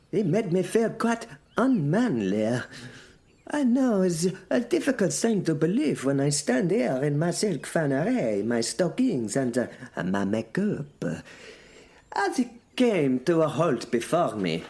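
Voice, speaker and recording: Man narrating a comic audio serial, dry and sardonic, unhurried with a swinging, lively pitch. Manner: dry, deadpan, sardonic storytelling. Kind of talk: comic first-person drama narration.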